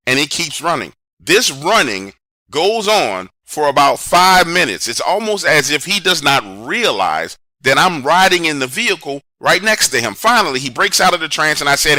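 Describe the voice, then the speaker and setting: Storyteller: man with a very bright, sharp voice, animated and conversational, dramatic pauses, dry sound. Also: fairly high pitch, no echo. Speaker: horror storyteller. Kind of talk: first-person storytelling.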